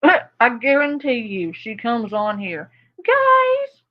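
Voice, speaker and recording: A woman's voice: on the high side, lively intonation, takes it slowly, muffled recording. A woman hosting a reaction video, commenting casually with sarcasm. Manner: sarcastic, laughing.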